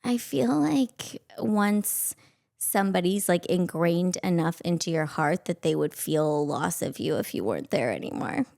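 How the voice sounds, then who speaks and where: A woman's voice: lowish voice, expressive, moderate pace, creaky, darkish tone. A woman hosting a podcast in casual chat, laughing often and echoing her guest's words. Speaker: podcast host.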